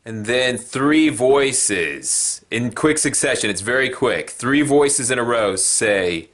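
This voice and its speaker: Guy narrating his ghost hunt, talks real slow, earnest and plain. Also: medium pitch, expressive, fairly bright tone. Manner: earnest, apologetic, plain-spoken. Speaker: paranormal investigator host.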